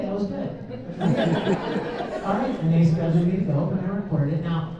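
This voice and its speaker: Lively high-pitched guy telling stories at a fan panel, big echoey room, crowd murmur, mic far off and a bit dull. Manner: chatty, laughs often, asks rhetorical questions. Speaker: voice actor answering fan questions at a convention panel. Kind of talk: animated storytelling in a Q&A. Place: large convention panel room with an audience. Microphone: filmed from a camera in the audience. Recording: echoey hall recorded from far off, dull sound.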